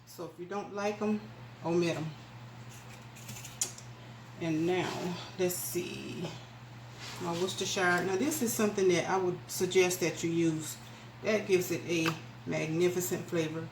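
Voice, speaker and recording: Unhurried and lowish, this woman's voice keeps a fairly even intonation. She hosts a cooking channel, demonstrating a recipe in her small home kitchen and chatting to viewers in a homey, folksy way. She films alone on a camera mic, so the kitchen comes through echoey with noise behind her.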